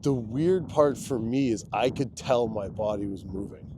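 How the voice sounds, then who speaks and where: A man guesting on a podcast, telling a personal story in a loose, candid way, dropping to a hush when he quotes someone. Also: mid-range voice, moderate pace, background noise. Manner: loose and candid, drops into a hushed voice when quoting. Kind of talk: casual conversational storytelling.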